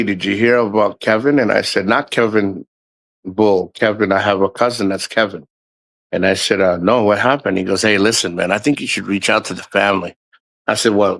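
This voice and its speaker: A man's voice: on the low side, moderate pace, a bit bright, low-quality recording. A middle-aged man hosting a livestream, talking candidly and at length in a rambling way, swearing often. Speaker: livestream host. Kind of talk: casual livestream monologue.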